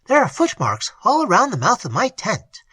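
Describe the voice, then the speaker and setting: An eager young man, as a narrator plays him bursts out in excitement. The voice is bright and swoops widely, with a slightly breathy texture. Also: medium pitch, normal speed, no room sound, pitched above the performer's own voice, heavily acted. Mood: excited.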